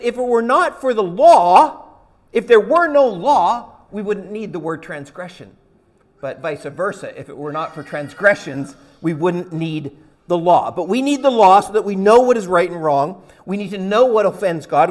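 A pastor preaching an expository sermon, explaining word meanings step by step and asking rhetorical questions. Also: male voice, high voice.

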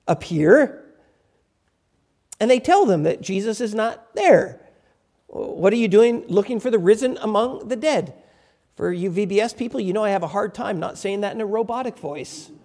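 A pastor delivering a sermon as an animated scripture retelling. The pitch swings widely, rising and dropping for emphasis. The delivery mixes storytelling with asides to the congregation.

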